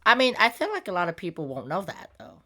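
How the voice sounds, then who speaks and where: A woman's voice: mid-range voice, huge pitch swings, fast talker, bright, forceful tone. A woman hosting a casual podcast, talking in an exasperated rant and swearing freely. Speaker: podcast host.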